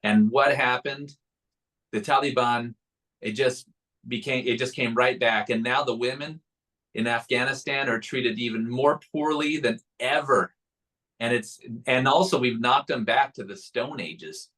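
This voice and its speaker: A man in a political interview discussion, firm and measured as he argues his point. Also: mid-range voice, a bit bright, low-quality recording.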